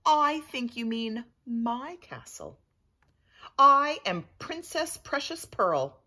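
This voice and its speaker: A woman voicing a bold, cheeky young female pirate princess in a storybook reading, pitched high and commanding. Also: very animated, takes it slowly, bright, forceful tone, full character voice. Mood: brash. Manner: brash, commanding.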